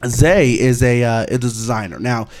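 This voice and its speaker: A man's voice: medium pitch, normal speed, darkish tone. A man hosting a radio show in a loose, joking, rambling way. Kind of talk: casual radio chat.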